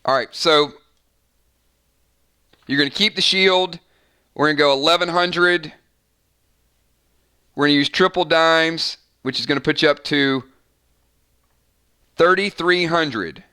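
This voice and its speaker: A man's voice: fairly high pitch, measured pace, long pauses, sharp tone, clear, resonant tone. A man running a live-streamed role-playing game, chatting casually and tallying numbers aloud. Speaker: game master.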